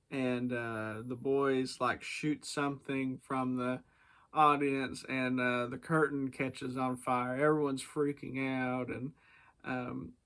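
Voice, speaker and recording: A man's voice: mid-range voice, bright, forceful tone. A man casually reviewing a book, hesitant with many fillers and chuckles.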